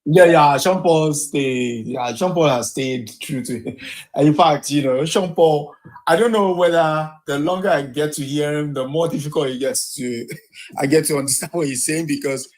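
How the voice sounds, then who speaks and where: A speaker chatting casually with quick affirmations and frequent laughter. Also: medium pitch, darkish tone. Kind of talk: casual chat.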